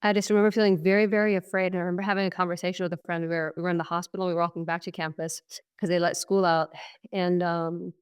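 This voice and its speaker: A woman's voice: on the low side, level tone, racing, clear, resonant tone. A woman in her thirties from Syria, a guest on an interview podcast, thoughtfully recounting her past in a casual, reflective way full of fillers. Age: 30s. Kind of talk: personal testimony in conversation.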